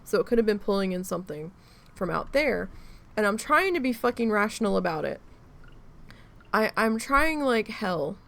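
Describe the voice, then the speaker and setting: A woman's voice: medium pitch, gravelly. A woman streamer chatting casually while she plays, rambling through a story and swearing freely. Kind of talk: casual chat while gaming.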